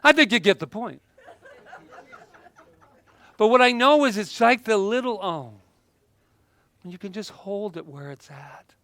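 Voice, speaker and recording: A man giving a lively motivational talk with props, playful and laughing often, breaking into sudden exclamations. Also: high-pitched, measured pace, long pauses, dry recording.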